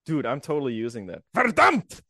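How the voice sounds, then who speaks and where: A man's voice: fairly high pitch, big pitch swings, moderate pace, fairly bright tone. A man co-hosting a podcast, wisecracking and swearing in casual banter. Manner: wisecracking, profane. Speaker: podcast co-host.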